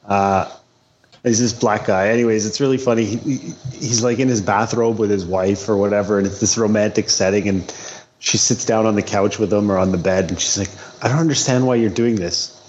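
A man chatting on a podcast, animated and quick to laugh. His mic sounds slightly dull, and a faint room hum runs underneath. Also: on the low side. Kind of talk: casual chat.

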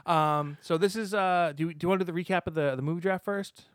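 A man's voice: high-pitched, quick pace, clean tone, no room sound, studio quality. A young adult man hosting a casual podcast chat, rambling and correcting himself as he explains things. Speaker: podcast host.

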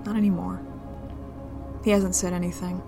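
Brief: woman storyteller, gravelly low voice, even delivery, faint music underneath. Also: moderate pace. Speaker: narrator. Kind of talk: reading an adult romance story aloud.

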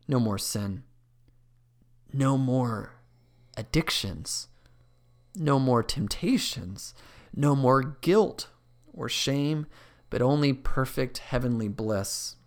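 A man preaching a sermon as pastor, earnest, dropping to a hush at dramatic moments. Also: mid-range voice, vocal fry.

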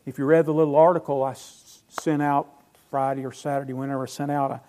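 A mid-range male voice with little pitch movement moves at a quick pace through an emphatic sermon. As pastor, he asks the congregation questions and answers them, his loudness varying between phrases.

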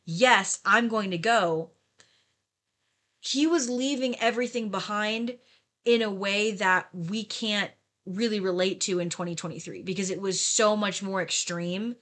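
A woman's voice: mid-range voice, fairly even intonation, normal speed, a bit bright. A woman co-hosting a casual Bible discussion podcast, thoughtfully explaining historical context. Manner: thoughtful, explanatory, asks listeners to imagine. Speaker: podcast co-host.

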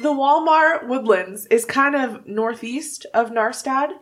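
A woman narrating a tabletop role-playing game as game master, telling the story in a measured way. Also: high voice, faint music behind.

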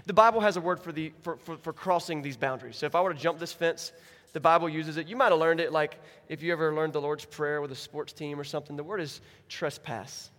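A man's voice: on the high side, fast talker. A man preaching a sermon as a pastor, telling stories with acted-out voices. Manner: animated storytelling with acted-out voices. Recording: hall reverb.

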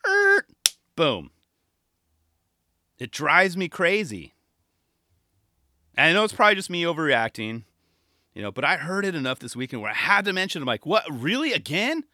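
Animated man in a casual monologue. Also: fairly high pitch, fairly quick, long pauses, no echo, clean studio sound. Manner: animated, laughing, mimics other commentators. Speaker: skateboarding podcast host and contest commentator.

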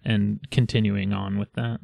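A man's voice: on the low side, flat delivery, normal speed, vocal fry, a little mellow. A man co-hosting a podcast, chatting casually and rambling, often breaking into laughter. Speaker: podcast co-host. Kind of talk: casual chat.

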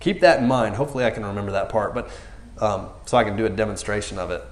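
A man's voice: fairly low pitch, fast talker, reverberant. A man preaching a casual, joking sermon, acting out the characters in raised voices. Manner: animated, jokey, acts out characters with raised voices.

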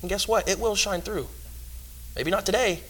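A man preaching a sermon in earnest, swinging between loud emphasis and hushed asides. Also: sits high, normal speed, poor audio.

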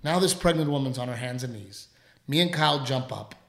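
A radio host telling a story in casual chat, rambling and animated, with plenty of fillers. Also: male voice, mid-range voice, fairly quick, creaky, reverberant.

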